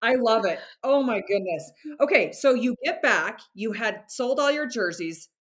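A woman's voice: a little high, animated, normal speed, a little hiss or hum. A woman hosting a podcast, chatting casually and affirming her guest with enthusiasm. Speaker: podcast host. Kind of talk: casual interview chat.

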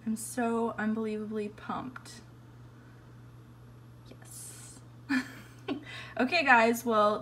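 A woman artist chatting casually in a home vlog, excitable and full of fillers, recorded on a phone in an apartment. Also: medium pitch, slight background noise, poor audio. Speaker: artist vlogger.

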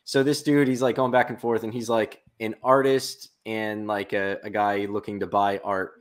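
A man's voice: on the low side, flat delivery, normal speed. Guy on a podcast, rambly casual storytelling, lots of likes and acted-out quotes. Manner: storytelling, acts out quotes, filler-heavy. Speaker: podcast co-host. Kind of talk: casual chat.

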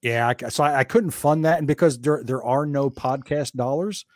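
A New Jersey man guests on a podcast, telling stories in a casual chat and acting out the quotes like an animated storyteller. His voice sits in the mid range at a normal speed, and the recording is dry.

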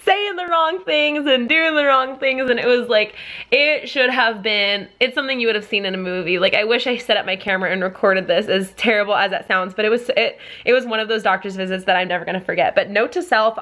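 A woman's voice: medium pitch, fast talker, a bit bright. A young woman, a mother and family vlogger, telling a story to the camera in a chatty way, full of fillers and laughter.

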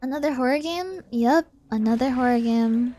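A young woman streaming a game, chatting casually and reacting excitably, pleading and cheering as the match goes. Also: high-pitched, normal speed, soft background music. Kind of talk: live gameplay commentary.

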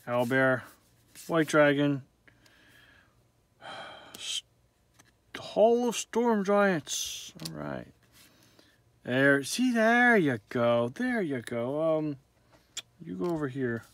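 A man's voice: on the high side, very animated, very slow, long pauses, fairly bright tone. A man opening trading card packs, calling out each card's name in casual commentary with joking, self-deprecating asides. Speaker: card pack opener.

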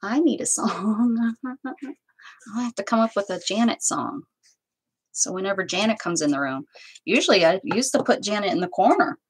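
Her voice mid-range, sing-song, and slightly rough, this woman talks at normal speed on a crafting livestream with poor audio. She stamps while chatting to herself and her viewers in the live chat, adding playful invented sing-song asides.

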